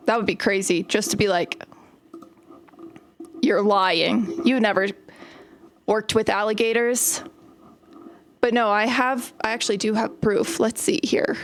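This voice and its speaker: A woman's voice: medium pitch, slight background noise. A young woman chatting casually and telling stories while she plays a game on stream. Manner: chatty, storytelling while playing. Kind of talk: casual gaming stream chat.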